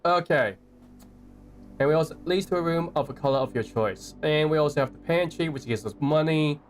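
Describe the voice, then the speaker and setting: A man's voice: fairly high pitch, fairly quick, soft background music. A young Australian man chatting playfully with viewers while playing a game and reading its notes aloud. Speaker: streamer. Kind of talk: live gameplay commentary.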